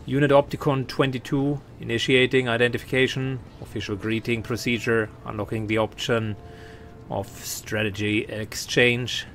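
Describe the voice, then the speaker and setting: A man's voice: mid-range voice, flat delivery, normal speed, a bit bright, slight background noise, close to an everyday voice. A man voicing a formal male machine-priest unit in a video game, speaking in clipped, procedural phrases.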